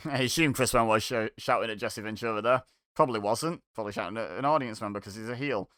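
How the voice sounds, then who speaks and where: A man's voice: fairly low pitch, fast, fairly bright tone, no echo, studio quality. A man hosting a watch-along, giving casual, sarcastic reaction commentary and chuckling to himself.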